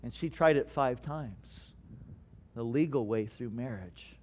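A man preaching a sermon, reading scripture aloud and explaining it earnestly, swinging between loud stresses and hushed asides. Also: medium pitch, takes it slowly, slight background noise. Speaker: pastor.

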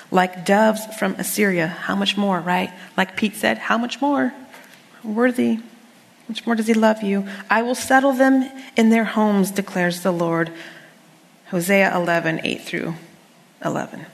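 Middle-aged woman teaching bible study, animated chatty preaching, big echoey church hall. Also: medium pitch, measured pace, vocal fry. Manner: animated, conversational preaching with humor and quoted scripture. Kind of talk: sermon. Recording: long hall reverb.

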